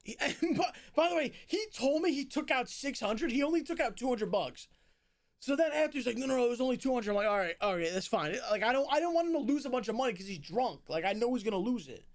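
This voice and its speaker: A young man streaming to his viewers, telling a long story in a casual, animated way, swearing often and breaking into loud outbursts. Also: very high voice. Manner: animated, swears a lot, jumps between fast narration and loud outbursts.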